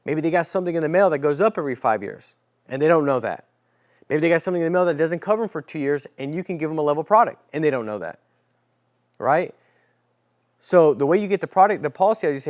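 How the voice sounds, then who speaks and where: Male sales trainer, fairly high-pitched, casual and animated, coaches a class through client talks. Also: quick pace.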